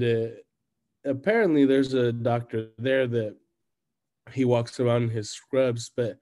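A man, co-hosting a podcast, who tells crude stories and cracks his voice high when he's amazed. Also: a little mellow. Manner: profane storytelling, voice jumps up when incredulous. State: coughing when he laughs. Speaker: podcast co-host. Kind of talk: crude casual chat.

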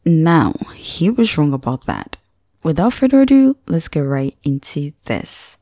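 Low-voiced, chatty woman reviewer. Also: sing-song, a little slow, dark tone, a little hiss or hum. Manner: chatty and slangy, addresses listener directly. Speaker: podcast host, film reviewer. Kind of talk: casual spoken movie review.

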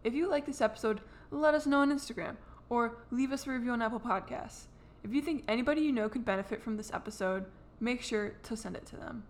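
A woman co-hosting a podcast, chatting casually and reading the show intro in a relaxed, friendly way. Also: fairly high pitch, fast talker. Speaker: podcast co-host.

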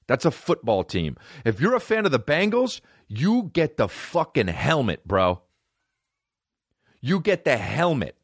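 A man's voice: mid-range voice, huge pitch swings, moderate pace, hardly any pauses, breathy edge, dry recording, studio quality. A man in his forties hosting a solo comedy podcast, rambling through profane tangents and restarting his sentences. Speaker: podcast host.

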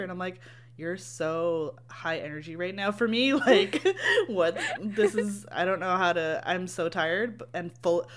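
A woman's voice: on the low side, moderate pace. A young woman co-hosting a podcast, telling a story in a giggly, self-deprecating way over casual chat. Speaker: podcast co-host.

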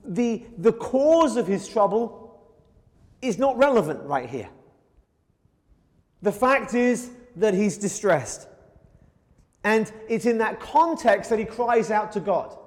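A man with a high voice preaches a sermon earnestly. He acts out quoted pleas with a rising voice. Long reverb hangs behind him. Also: darkish tone. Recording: hall reverb.

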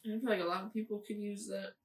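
A woman's voice: medium pitch, flat delivery, rapid-fire, far from the mic. A woman in a casual podcast chat, enthusiastic and laughing. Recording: echoey room, a little off-mic.

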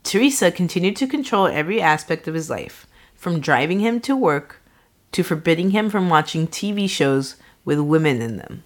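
A woman hosts a true-crime podcast, telling the story in loose, profane chat. Her voice sits a little low but moves a lot, rising and falling with animation. She laughs often between facts. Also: animated, normal speed. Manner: laughs often, swears casually, reads case notes. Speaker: podcast host, narrator of the case.

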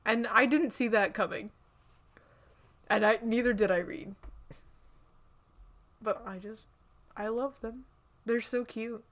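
A woman's voice: on the high side, fairly even intonation, slow, pauses often, a bit bright. A woman co-hosting a podcast in casual book chat, gushing and chatty, often restarting her sentences. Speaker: podcast co-host.

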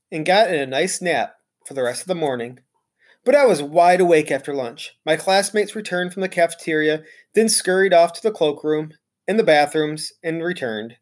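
A man's voice: fairly high pitch, moderate pace. Man reading a children's book aloud. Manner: expressive, storytelling. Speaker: teacher.

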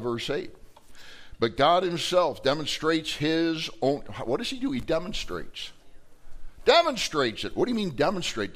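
Animated preacher acting out quarrels. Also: male voice, mid-range voice. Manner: animated preaching, acts out arguing voices; conversational, joking with the congregation. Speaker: pastor. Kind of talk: sermon.

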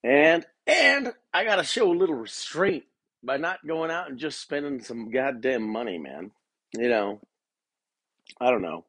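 In his bedroom at home, a young man paces as he hosts a podcast, his medium-pitched voice very animated, a bit bright, and a little slow, with no room sound. He rambles casually, swears frequently, and addresses the listener as "man" and "dude."

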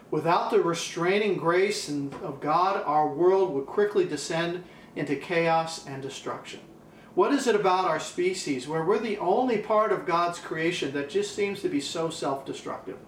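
A man preaching a sermon as pastor, emphatic and repeating key phrases, slowing down for weight. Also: high-pitched, roomy sound, a little hiss or hum, poor audio.

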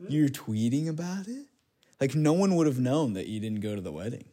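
A man's voice: medium pitch, animated, fairly quick, warm tone. A young man co-hosting a casual podcast, teasing and laughing with his friends, on a noisy recording. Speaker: podcast co-host. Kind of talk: casual chat.

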